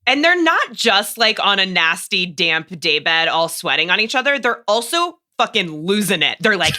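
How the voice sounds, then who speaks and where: Bright, blunt woman podcast guest. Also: medium pitch, normal speed. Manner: animated, blunt, joking, swears casually. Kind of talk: casual podcast chat.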